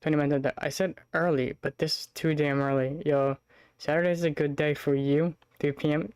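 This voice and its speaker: A woman livestreamer joking and reacting in a casual stream, with loud outbursts and swearing. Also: deep voice, steady tone, moderate pace, no echo, clean studio sound.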